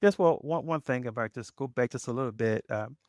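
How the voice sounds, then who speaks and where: A man's voice: mid-range voice, a little fast, no room sound, clean studio sound. A middle-aged man from Baltimore, a former police officer, telling his story in an interview and acting out the voices of the people in it. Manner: animated storyteller who acts out quoted voices.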